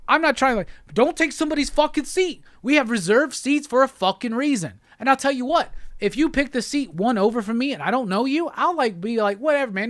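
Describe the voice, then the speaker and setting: A man's voice: high-pitched, fairly bright tone, no echo, studio quality. Exasperated, foul-mouthed man ranting. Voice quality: expletive-heavy, exasperated, emphatic repetition. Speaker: host. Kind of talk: profane ranting monologue.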